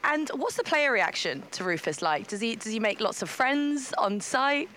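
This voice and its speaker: A woman's voice: a little high, lively intonation, moderate pace, bright, forceful tone, a little hiss or hum. A woman interviewer asking curious, conversational questions. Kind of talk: friendly interview.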